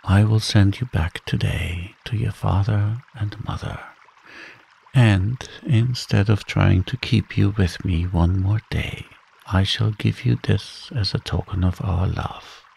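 A man voicing a gentle, sorrowful young sea princess in a soft, slow bedtime story reading. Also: on the low side, steady tone, creaky, a little hiss or hum, heavily acted.

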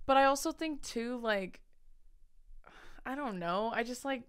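Smooth-voiced young woman telling a story. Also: on the high side, measured pace. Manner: animated storytelling, swearing, frequent laughter. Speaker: podcast co-host. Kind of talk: casual chat.

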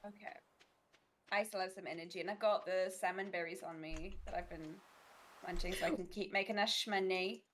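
A woman's voice: on the low side, fairly even intonation, a little fast, a bit bright. A young adult woman streaming a co-op game, playful and jokey in casual chat.

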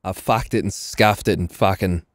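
A man's voice: sits low, steady tone, normal speed, dry recording, clean studio sound. A young man streaming a tank game live, joking around and swearing as he talks through the fight. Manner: jokey, swears a lot, thinks aloud mid-fight. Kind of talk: live gameplay commentary.

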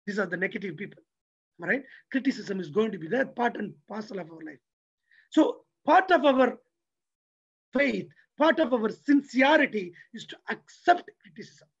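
Man lecturing, husky voice, rhetorical questions to the room, dull lo-fi recording. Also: very high-pitched. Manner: asks the audience rhetorical questions; lively, preacherly delivery. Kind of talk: motivational religious talk.

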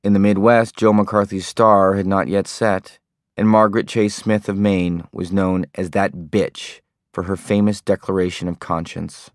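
A man narrating an audiobook in a steady, understated way. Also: sits low, a little slow, no echo, clean studio sound. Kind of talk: scripted narration.

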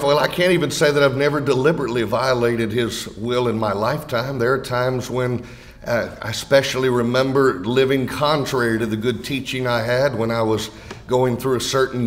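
A man preaching a sermon with a Southern American accent, acting out quoted voices with big swings in pitch and loudness. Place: lectureship hall.

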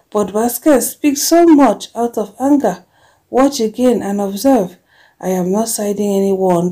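A woman with a Nigerian accent, chatting about celebrity gossip and reading fan comments aloud with lively exclamations. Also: a little high.

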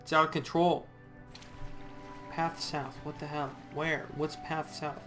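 A man's voice: a little high, little pitch movement, slow pace. A young man giving goofy, sarcastic commentary while playing a video game and talking back to the characters. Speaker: let's play gamer. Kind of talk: casual gameplay commentary. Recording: commentary over game music.

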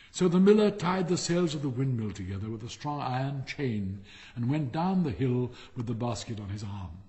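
A man narrating a children's short story in a measured audiobook reading. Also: mid-range voice, animated, dark tone.

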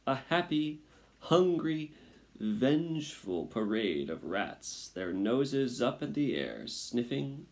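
A man reading a children's storybook aloud in a slow, dramatic, sometimes hushed way. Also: mid-range voice, very animated. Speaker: audiobook narrator.

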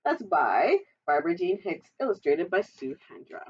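A librarian reading a children's storybook aloud, adding chatty, giggly asides. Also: female voice, on the low side, big pitch swings, moderate pace, slightly rough. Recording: dull, distant recording.

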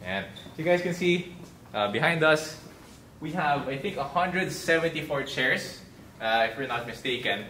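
A man's voice: fairly high pitch, animated, normal speed, pushed and bright, a little hiss or hum. A young Filipino man, a medical student, leading a casual tour of his school in English mixed with Tagalog, chatty and playful. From Philippines. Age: young adult. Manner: chatty and playful, with easy asides. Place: indoor school hall and labs. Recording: echoey room from a distance.

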